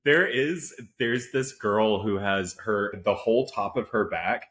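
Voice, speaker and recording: Lowish-voiced man telling rambling anecdotes. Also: a little slow, fairly bright tone. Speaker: podcast co-host, tattoo artist. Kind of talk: casual podcast chat.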